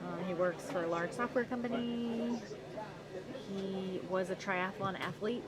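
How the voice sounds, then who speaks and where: A woman's voice: mid-range voice, unhurried, poor audio. Woman, race commentator, outdoor livestream, rambling, many fillers. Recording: loud crowd behind.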